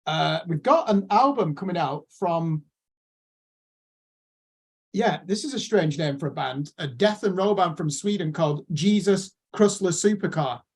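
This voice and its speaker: Chatty northern English man, slightly high. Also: animated, measured pace, breathy edge. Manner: chatty, amused. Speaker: co-host. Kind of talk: casual chat, listing releases.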